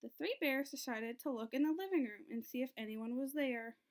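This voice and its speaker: A woman teacher reading a storybook aloud to children, in an expressive storytelling way. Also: high-pitched, brisk. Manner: expressive, sing-song storytelling.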